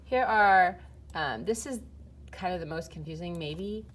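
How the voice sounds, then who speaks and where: Filming and typing as she goes, a woman walks through Spanish grammar one step at a time, casual and full of fillers. Her low-leaning voice is unhurried, with a little hiss or hum on the recording.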